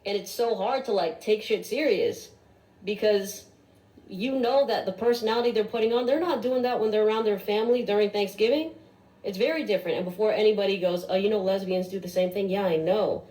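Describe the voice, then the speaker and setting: A woman's voice: mid-range voice, a little fast, dark tone, echoey room, poor audio. A woman giving a blunt, exasperated social media rant and swearing freely. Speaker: social media video creator.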